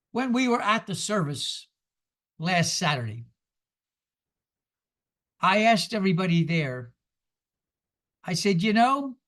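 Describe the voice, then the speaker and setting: A man in his seventies giving a sermon, emphatic and lively, asking the congregation rhetorical questions. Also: sits high. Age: 70s. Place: church sanctuary.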